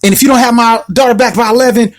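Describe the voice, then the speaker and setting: A man's voice: extremely high pitch, steady tone, racing, voice pushed up. A man voicing a stern, angry middle-aged mother who scolds and threatens her daughter's date.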